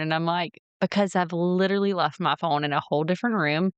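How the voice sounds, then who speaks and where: A woman's voice: lowish voice, normal speed, fairly bright tone, clean tone, dry recording, highs cut off. A woman hosting a podcast interview, chatty and candid, laughing easily as she shares her own habits. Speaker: podcast host. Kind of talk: conversational interview.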